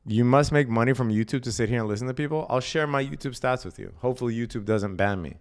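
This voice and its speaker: In a mid-range voice and at a fast clip, a man chats casually about day trading during a live stream. He reads the chat aloud, gives blunt, sometimes profane answers, and keeps tacking on "right?"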